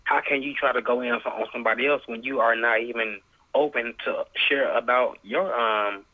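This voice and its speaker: A man's voice: medium pitch, fairly even intonation, fairly quick. Brief: stammering male caller, tinny phone-line sound. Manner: stammering, repeats his words. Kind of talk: call-in show chat.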